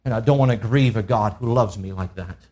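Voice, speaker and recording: A man's voice: fairly low pitch, brisk, a little mellow. A man preaching a sermon to a church congregation, emphatic, pressing his listeners with rhetorical questions. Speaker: pastor. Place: church service.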